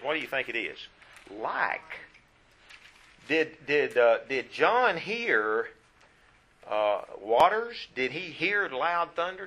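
Male Bible teacher, bright clear tone, instructive and self-correcting. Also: medium pitch. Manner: instructive, stops to correct himself.

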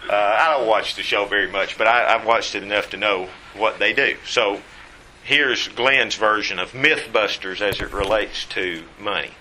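A man's voice: lowish voice, normal speed, pushed and bright, slight background noise, poor audio. A man teaching a Bible class in a folksy, rambling way.

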